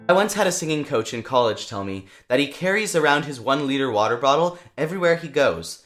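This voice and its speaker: Upbeat young male vocal coach. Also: fairly high pitch. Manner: lively, demonstrates voice sounds. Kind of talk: singing lesson to camera.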